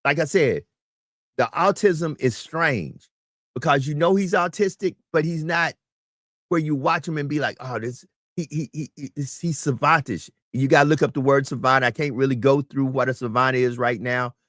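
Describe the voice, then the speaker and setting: A man's voice: mid-range voice, normal speed, a bit bright, dry recording, clean studio sound. A man speaking as a talk show guest, emphatic and preachy, often repeating his words. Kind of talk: casual talk show chat.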